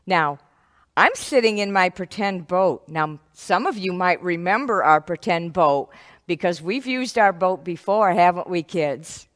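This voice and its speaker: A woman teaching a children's ministry lesson, telling a Bible story to kids in an animated, expressive way. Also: fairly low pitch, a little slow. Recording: echoey hall.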